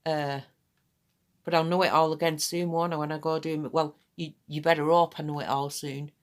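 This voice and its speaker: A woman's voice: low-pitched, level tone, normal speed. A middle-aged woman chatting casually in a rambling, blunt way while demonstrating a treatment. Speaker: aesthetics practitioner.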